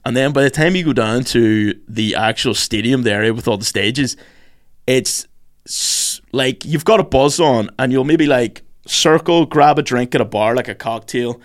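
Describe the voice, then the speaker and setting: A podcast host, talking in a relaxed, chatty way. He tells his stories with energy and swears freely. His voice sits at an ordinary pitch for a man. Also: normal speed. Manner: swears a lot, animated storytelling. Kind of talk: casual chat.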